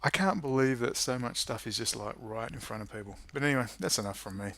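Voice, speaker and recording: A man's voice: medium pitch, expressive, fast talker, creaky, fairly bright tone, no echo. A man delivering an angry, sarcastic political rant to camera, swearing freely. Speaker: political commentary youtuber. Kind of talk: ranting monologue to camera.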